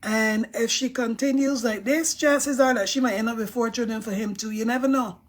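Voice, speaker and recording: A woman's voice: on the high side, steady tone, moderate pace. A woman hosting a casual live stream, reading viewer comments aloud and giving her emphatic, outspoken opinions.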